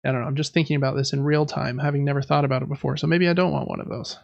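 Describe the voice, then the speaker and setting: A man's voice: medium pitch, fairly even intonation, rapid-fire, creaky, no room sound, muffled recording. A man chatting casually as a podcast host, thinking aloud with lots of fillers. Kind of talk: casual chat.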